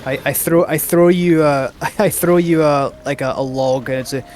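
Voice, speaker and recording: A man's voice: on the high side, fairly even intonation, moderate pace, noisy background. A man narrating a tabletop game as game master, wry and joking.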